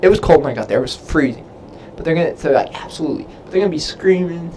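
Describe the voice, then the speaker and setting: A man's voice: fairly high pitch, animated, rapid-fire, noisy background. A young man, a Navy sailor, casually answering viewer questions on a livestream, rambling with lots of fillers. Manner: rambling, filler-heavy, loses his train of thought.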